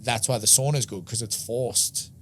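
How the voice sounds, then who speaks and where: A man's voice: medium pitch, normal speed, a bit bright, a little hiss or hum. A man with an Australian accent telling stories in a casual interview, rambling with lots of filler words, swearing now and then and acting out conversations. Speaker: interview guest.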